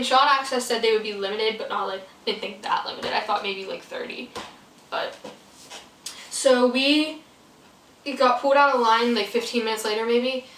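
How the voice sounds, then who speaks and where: A woman's voice: on the high side, a bit bright, a little hiss or hum. A teenage girl telling a rambling story in casual chat, full of fillers, acting out what people said in a bedroom vlog. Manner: rambling, filler-heavy, acts out quotes. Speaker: vlogger. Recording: roomy echo, mic a bit far off.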